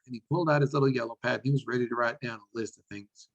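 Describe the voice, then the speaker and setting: A man presenting a business webinar, animated and enthusiastic, often repeating words as he talks. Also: medium pitch, very fast, few pauses, rough recording.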